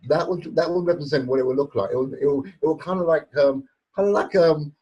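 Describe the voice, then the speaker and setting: A man's voice: a little high, quick pace, warm tone, lo-fi sound, slight background noise. A man co-hosting a casual podcast chat, hesitant and often searching for words. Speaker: podcast co-host.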